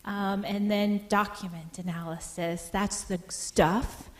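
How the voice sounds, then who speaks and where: A woman's voice: mid-range voice, steady tone, slow pace. A woman speaking casually on a conference panel, telling stories and using fillers. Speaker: fellow panelist. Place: conference room.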